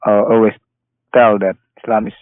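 A man's voice: lowish voice, little pitch movement, no room sound. Hesitant male caller, phone line. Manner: hesitant, stammering, halting. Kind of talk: hesitant debate call.

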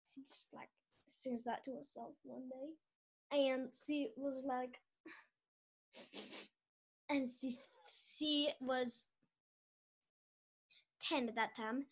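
High-pitched yet steady, her fairly bright, husky voice moves slowly with long pauses. She's a podcast host spinning a rambling, giggly, casual story, full of restarts and "like."

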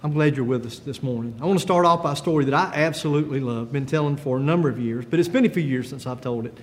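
A man's voice: mid-range voice, fast, a little hiss or hum. Guy pastor giving a sermon, easygoing chatty tone, lots of uh, echoey hall. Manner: conversational and gentle, with frequent fillers.

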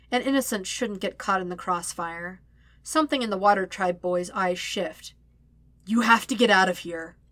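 A woman reading a story aloud as narrator, with steady, even storytelling. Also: on the low side, no room sound. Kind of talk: audiobook-style fan fiction reading.

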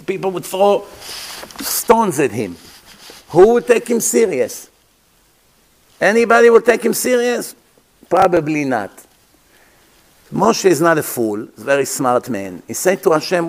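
A man teaching a religious lesson, telling stories in an animated way with simple, plain phrasing. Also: mid-range voice, a little slow, pauses often. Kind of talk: sermon-style teaching.

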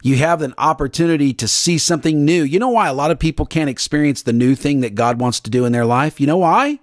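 Earnest preacher on a podcast. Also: male voice, on the high side, quick pace, no echo, clean studio sound. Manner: earnest, repetitive, acts out panicked voices. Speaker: pastor podcast host. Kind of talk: devotional podcast sermon.

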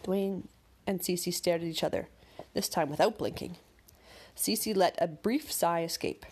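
A woman narrating a bedtime story in a calm, gentle, measured way. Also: lowish voice, husky.

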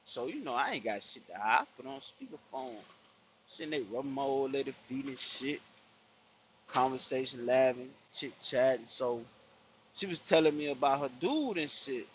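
Animated slang-heavy man, dull recording. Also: mid-range voice, normal speed, slight background noise. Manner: animated, profane street slang, voices the people he quotes. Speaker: storyteller. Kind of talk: casual personal anecdote.

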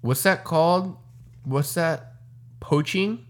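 A man's voice: on the high side, slow. A young man in casual podcast chat, goofy and rambling with lots of slang.

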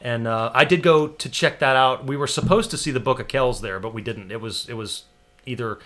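An American man telling a long story in casual chat, animated and laughing, with some swearing. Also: mid-range voice, fairly quick. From United States.

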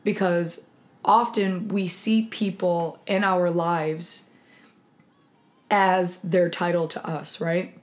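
Candid young woman, lowish voice. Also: slow pace. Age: 20s. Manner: candid, animated storytelling with acted-out quotes. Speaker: podcast co-host. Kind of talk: casual chat.

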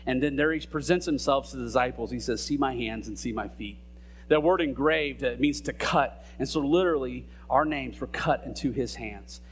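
A man's voice: on the high side, a bit bright. A man preaching a sermon in a conversational way, with fillers and casual asides between scripture readings. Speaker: pastor.

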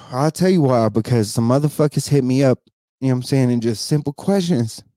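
A man's voice: mid-range voice, moderate pace, mellow, no room sound, clean studio sound. A man in his thirties ranting emotionally to camera, profane and repetitive, tearful and sighing, again and again asking if you know what he means. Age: 30s. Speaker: vlogger. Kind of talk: emotional unscripted rant to camera.

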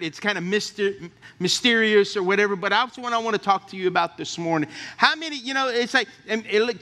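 A middle-aged male pastor preaching a sermon with a high, bright voice. He tells personal stories in a folksy, chatty way and keeps turning to the congregation for an amen or a nod. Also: expressive, fairly quick. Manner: folksy storytelling, asks the congregation for responses.

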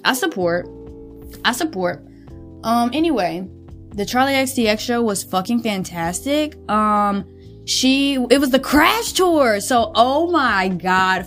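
A woman's voice: fairly high pitch, a bit bright. A young woman hosting a podcast, chatting casually and gushing expressively, swearing freely. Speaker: podcast host. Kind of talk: casual chat.

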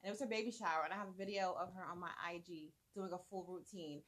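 A woman's voice: fairly low pitch, fast, a bit bright. A woman co-hosting a podcast, telling frank stories in an easygoing way. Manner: frank, laughing, easygoing storytelling. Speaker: podcast co-host. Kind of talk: casual chat.

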